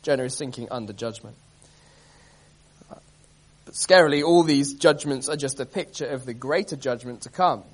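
A man preaching an expository sermon, earnest and emphatic, reading scripture aloud with dramatic stress and often pausing with um and uh. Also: mid-range voice, breathy edge. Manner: earnest, emphatic, many ums and uhs.

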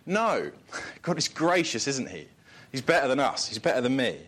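A man's voice: medium pitch, big pitch swings, normal speed, a bit bright. A man preaching a sermon in a conversational way, joking and chuckling between points and asking the listeners rhetorical questions.

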